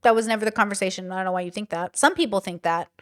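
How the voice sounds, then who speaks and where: A woman's voice: mid-range voice, rapid-fire, music in the background. A young woman doing reaction commentary on her channel, blunt, sarcastic and swearing freely. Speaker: YouTube commentator.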